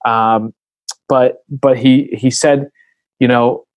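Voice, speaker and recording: A man's voice: mid-range voice, steady tone, slow pace, no room sound, poor audio. A man speaking as a podcast guest in a casual interview conversation, earnest and reflective as he tells a story.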